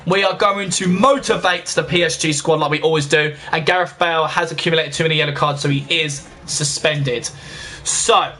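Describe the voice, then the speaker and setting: Young man, high voice, crisp bright tone, chatty game commentary. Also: fairly even intonation, slight background noise. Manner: chatty, talks straight to viewers, quick to get annoyed. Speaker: gaming channel host. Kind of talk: casual let's-play commentary.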